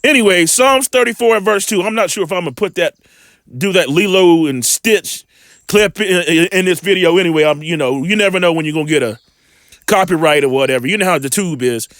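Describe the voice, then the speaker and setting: A man reading scripture slowly and deliberately, breaking off into casual asides as a teacher. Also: high voice, animated, a bit bright, no room sound, clean studio sound.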